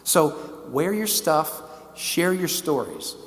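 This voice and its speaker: A man's voice: a little high, slow. A middle-aged man with a St. gives an enthusiastic, story-filled talk to a parish and acts out the conversations he tells. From St. Louis, Missouri. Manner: animated, enthusiastic storyteller who acts out the dialogue. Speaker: diocesan stewardship director giving a parish talk. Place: church. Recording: long reverb of a church hall.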